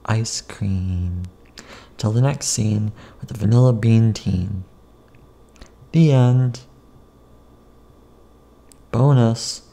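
Slow, gravelly man reading a silly picture book. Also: on the low side, warm tone. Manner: playful, sing-song, chanting silly rhymes. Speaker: author reading his own picture book. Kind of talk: reading a children's picture book aloud with asides.

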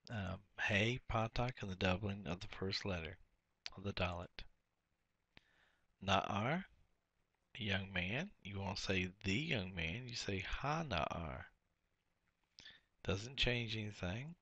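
A man's voice: on the low side, expressive, slow, long pauses, sharp tone, dry recording, highs cut off. A man teaching a workbook lesson, explaining each step and repeating key words.

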